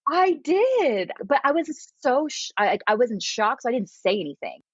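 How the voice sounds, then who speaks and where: A woman's voice: a little high, very animated, normal speed, dull audio, crowd noise. A woman guest casually telling a story, acting out quotes and laughing often. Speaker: podcast guest.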